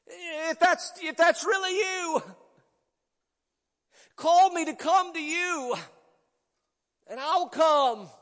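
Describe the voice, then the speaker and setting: Brief: pastor doing a bold, excitable disciple, high-pitched, big hall echo. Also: male voice, very slow, pauses often, full character voice. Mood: eager.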